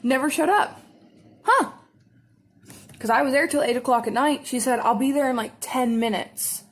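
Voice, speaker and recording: A young woman telling a story in casual chat while doing her makeup, acting out the customers she dealt with. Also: high voice. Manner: animated storytelling, acting out customers in quick bursts. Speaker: makeup vlogger.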